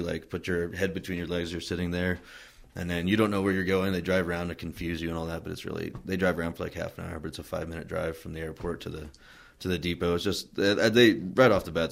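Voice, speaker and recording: A man from Wyoming, a Marine veteran being interviewed, telling his story in a relaxed, rambling way with many fillers and restarts. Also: sits low, creaky. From Wyoming, USA. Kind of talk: casual oral-history storytelling.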